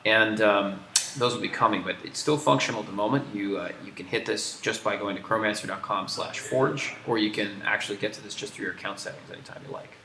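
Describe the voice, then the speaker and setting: Stream host, American man, low voice, playful and explanatory. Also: fast talker, pushed and bright, roomy sound, slight background noise. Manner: joking, teasing, explains features. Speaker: game developer hosting a stream. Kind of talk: casual livestream chat.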